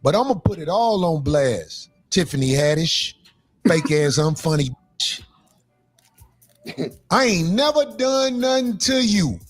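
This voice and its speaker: A man ranting loudly and profanely in a sing-song way, talking with his podcast co-hosts. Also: on the high side, expressive, slow pace, long pauses, soft background music. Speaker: comedian. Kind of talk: angry rant.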